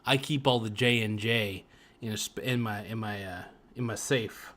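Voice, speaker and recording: A man's voice: fairly low pitch, moderate pace, a bit bright. A man as a podcast guest in casual chat, crude, joking and rambling.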